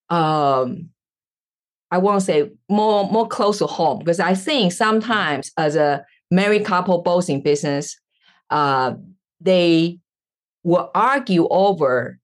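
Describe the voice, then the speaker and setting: Woman host, halting questions, casual interview. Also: fairly low pitch.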